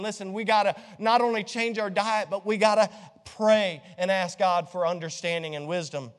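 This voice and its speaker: A middle-aged man preaching a sermon with a notably high voice, joking with his congregation and firing rhetorical questions at them. His words ring out with a long reverb from the church hall around him. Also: moderate pace. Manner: lively, joking, quizzes the congregation. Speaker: pastor.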